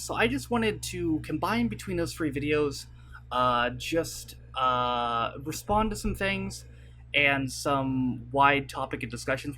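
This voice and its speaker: This YouTuber is a young man talking casually to camera from his computer desk, meandering with lots of filler words and apologies. A desk mic at his webcam setup captures a high-leaning, pushed, bright voice along with a little hiss or hum.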